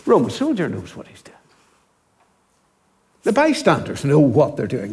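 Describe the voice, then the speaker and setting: A man preaching a sermon as a minister, reflective and slowing down to stress scripture, at times dropping to a hushed voice. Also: mid-range voice, huge pitch swings.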